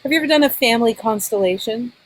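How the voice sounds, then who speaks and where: A woman's voice: on the high side, fast talker, slight background noise, low-quality recording. A woman talk-show coach, earnestly guiding a caller and acting out example lines. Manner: earnest, role-plays apologies to demonstrate. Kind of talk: coaching conversation.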